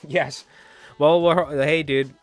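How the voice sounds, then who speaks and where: A man's voice: fairly high pitch, fairly even intonation, slow, no echo, faint music behind. A man hosting a casual fly tying livestream who chats with viewers, rambles from one story to the next and swears freely.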